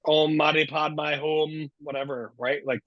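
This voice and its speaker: A man's voice: on the high side, level tone, unhurried, no room sound, dull audio. A man hosting a podcast, reacting emphatically and cursing freely in casual chat. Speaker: podcast host.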